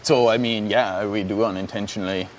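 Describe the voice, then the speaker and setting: A man's voice: fairly low pitch, fairly even intonation, brisk. A man playing a tabletop game, talking loosely and joking with fillers. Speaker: player. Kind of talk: casual game chat. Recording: faint background noise.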